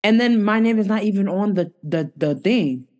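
A woman's voice: medium pitch, normal speed. Exasperated woman ranting casually. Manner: exasperated, profane, animated storytelling. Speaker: podcast co-host. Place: home room with dogs.

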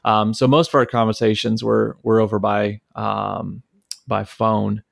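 A man's voice: fairly low pitch, little pitch movement, unhurried, creaky, dry recording, clean studio sound. A man from Detroit, a podcast host and father, telling family stories in a casual, rambling way with many fillers and restarts. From Detroit, Michigan, USA. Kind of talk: casual storytelling chat.

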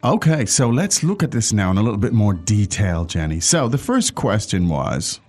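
A man hosting a language lesson, explaining points in a relaxed way with frequent fillers. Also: fairly low pitch, normal speed, faint music behind. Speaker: language teacher and host.

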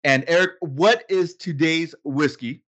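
A man's voice: fairly high pitch, unhurried, fairly bright tone. A man hosting a casual podcast, chatting in a playful, teasing way with his co-host. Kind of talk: casual chat.

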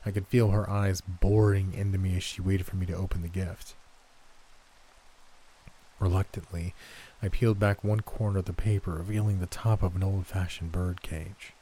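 Deep, dark-voiced man narrating horror. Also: little pitch movement, slight background noise. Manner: slow, tense, dramatic reading. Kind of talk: scripted narration.

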